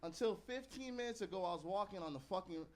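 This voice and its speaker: A man's voice: high voice, lively intonation, fast. A man doing a stand-up comedy set, joking profanely about himself and talking straight to the crowd. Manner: profane, self-mocking banter with the crowd. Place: comedy club stage.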